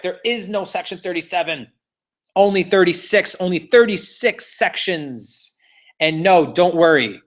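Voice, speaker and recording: A man's voice: high voice, measured pace. A man teaching a live online real estate exam class, playful and teasing, walking students step by step and cheering them on.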